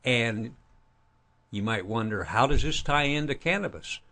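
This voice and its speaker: Halting male studio co-host. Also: mid-range voice, expressive, bright, forceful tone. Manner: hesitant, many uhs. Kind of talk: news chat on talk radio.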